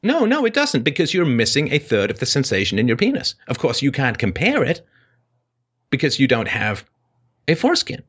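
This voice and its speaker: A male call-in show host debating a caller, lecturing forcefully, cutting in and jumping up in pitch to stress his points. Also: wildly swooping pitch, brisk, slightly rough.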